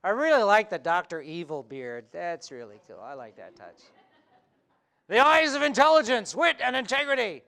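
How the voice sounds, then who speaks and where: A middle-aged cartoonist giving a humorous talk to an audience, playful and quick-witted with wry asides. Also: male voice, high-pitched, very animated, creaky, bright, forceful tone. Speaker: cartoonist and speaker. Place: event hall before an audience.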